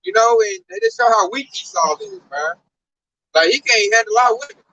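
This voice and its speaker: A man's voice: high voice, moderate pace, muffled recording, a little hiss or hum. A man talking in a casual religious discussion, emphatic and slangy, telling stories with lots of energy. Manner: emphatic, slangy, animated storytelling. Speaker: discussion speaker. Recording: distant mic, dry sound.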